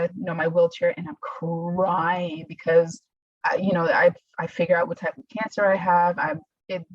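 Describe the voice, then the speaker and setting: A somewhat low, husky woman's voice, young adult, recounting her past in a halting, heartfelt way as a podcast guest. She slips into lively voices when she quotes people. The sound is dry and close, a bit dull and lo-fi. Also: dry recording. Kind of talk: casual interview storytelling.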